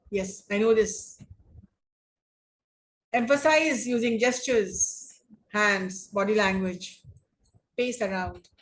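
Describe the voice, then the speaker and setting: A woman teaching an online English class on debating, speaking deliberately and often rephrasing her points. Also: mid-range voice, poor audio. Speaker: English lecturer.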